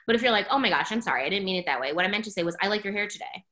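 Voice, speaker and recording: A woman talking in a casual podcast chat, blunt and animated, saying "like" a lot and swearing freely. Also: medium pitch, very fast.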